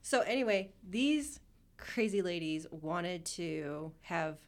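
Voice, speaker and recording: A woman co-hosting a podcast, recounting a show in casual chat with lively quoted asides and some swearing. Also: fairly low pitch, takes it slowly. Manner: animated storytelling, swearing, acting out quotes. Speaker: podcast co-host.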